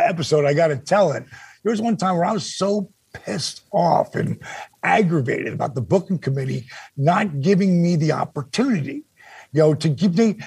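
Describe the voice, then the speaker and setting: An older man, a former wrestler, telling stories as a guest on a casual podcast. He is animated and swears freely. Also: fairly high pitch, creaky, husky, no echo. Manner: animated, swears freely, acts out quoted dialogue.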